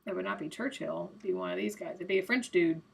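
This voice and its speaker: A young adult woman hosting a live stream, chatting casually and guessing out loud while she plays a quiz game, a little self-mocking. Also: lowish voice, quick pace, vocal fry, slightly rough.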